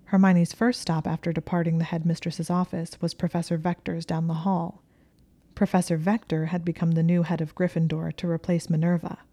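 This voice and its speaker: Low-voiced woman narrating a story. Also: level tone. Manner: measured, slips into hushed whispers. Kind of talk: audiobook reading of fan fiction.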